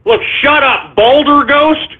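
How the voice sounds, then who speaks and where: Abrasive, high-voiced male radio host. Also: takes it slowly. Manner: abrasive, insulting, sarcastic. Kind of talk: live internet radio shout-outs and rant. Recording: tinny phone-like sound.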